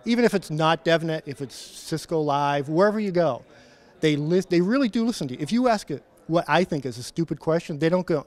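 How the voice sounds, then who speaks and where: A middle-aged man, a principal engineer at a conference, telling an animated story and acting out the dialogue. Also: fairly high pitch, brisk, soft background music. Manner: animated anecdote-telling, acts out quoted dialogue. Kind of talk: storytelling in an event interview. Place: conference floor.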